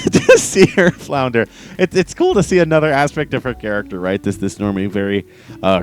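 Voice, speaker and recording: Low-voiced guy chatting about a book, rambly, faint guitar music behind. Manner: rambling, lots of "right?" and restarts, laughs often. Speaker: book reviewer. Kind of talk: casual spoken review.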